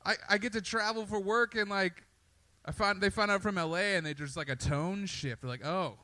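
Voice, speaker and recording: A man's voice: high-pitched, brisk, sharp tone, no echo. A man doing a loose, conversational stand-up comedy set with swearing and asides, on a comedy club stage into a handheld mic. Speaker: stand-up comic.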